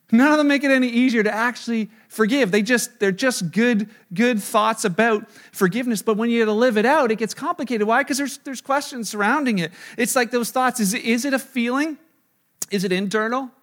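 A middle-aged man preaches in a fairly high voice. He tells a self-deprecating story and acts out each side of the dialogue. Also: a bit bright. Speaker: pastor. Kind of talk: sermon storytelling.

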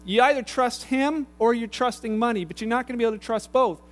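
High-voiced man preaching conversationally. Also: fast talker, soft background music. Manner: conversational, animated storytelling with acted quotes. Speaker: pastor. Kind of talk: sermon.

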